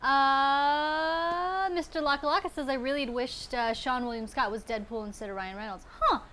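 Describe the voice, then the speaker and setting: A woman's voice: high voice, normal speed, a crowd in the background. A woman co-hosting a podcast who reads viewer comments aloud in a giggly manner. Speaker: podcast co-host reading chat. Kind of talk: casual chat. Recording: noisy line with clicks.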